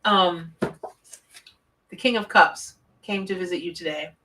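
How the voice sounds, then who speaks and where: Lady tarot reader chatting on a livestream, bright voice, bit far off the mic. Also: on the low side, slow, a little hiss or hum. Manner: chatty, effusive, reads out viewer names. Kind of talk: live-stream chat and readings. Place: home office.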